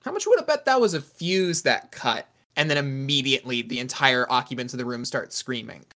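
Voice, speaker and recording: A game master narrating a tabletop game in a lively way, with lots of fillers. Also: mid-range voice, a little fast.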